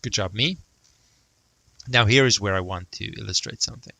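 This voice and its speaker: A man's voice: fairly low pitch, moderate pace, gravelly, sharp tone, no echo, poor audio. A man teaching math, thinking aloud and muttering to himself as he sketches a graph. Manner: self-talk, mutters, jokes about praising himself.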